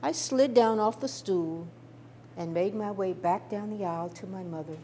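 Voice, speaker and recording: An older woman telling a personal story from her childhood, expressive and with small stammers. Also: medium pitch, moderate pace, a little hiss or hum. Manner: expressive, warm-toned recounting with small stammers.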